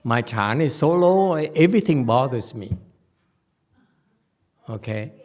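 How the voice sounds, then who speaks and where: A man giving a Chan Dharma talk as a Buddhist meditation teacher, animated and teasing, laughing often. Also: medium pitch, takes it slowly.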